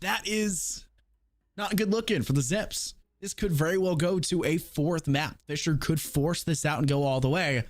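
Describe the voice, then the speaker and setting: Quick teasing male esports caster. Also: fairly high pitch, dry recording, studio quality. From American South. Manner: quick and teasing, joking between plays. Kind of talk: play-by-play commentary.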